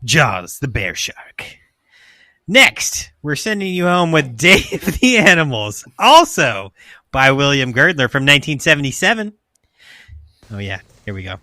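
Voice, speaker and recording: A man co-hosting a casual podcast, animated and playful, swearing freely. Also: a little high, measured pace, dry recording. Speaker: podcast co-host.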